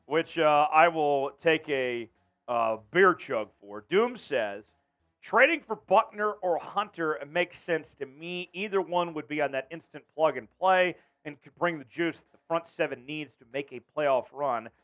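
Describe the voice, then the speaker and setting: Speaking at a measured pace in a voice on the high side, a man hosts an upbeat, casual sports livestream with lo-fi sound. He chats with his co-host, reads out messages from viewers, and shouts chants.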